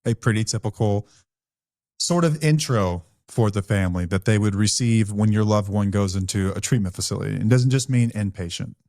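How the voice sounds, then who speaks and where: Blunt, earnest man, low dry voice. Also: moderate pace, a little mellow, no echo. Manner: blunt, earnest, speaks from his own recovery. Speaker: podcast co-host. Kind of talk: candid conversational podcast talk.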